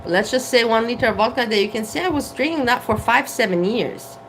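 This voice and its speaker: A woman's voice: a little high, expressive, fast talker, a bit bright, slight background noise, poor audio. A woman vlogging candidly to camera from her kitchen, frank and blunt, swearing and laughing at herself. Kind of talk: candid casual talk to camera. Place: home kitchen.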